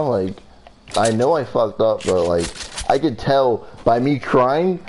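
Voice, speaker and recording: A man's voice: mid-range voice, lively intonation, slow pace, a little mellow, a little hiss or hum. A young man casually telling a storytime vlog story, rambling and profane with lots of fillers. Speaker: vlogger.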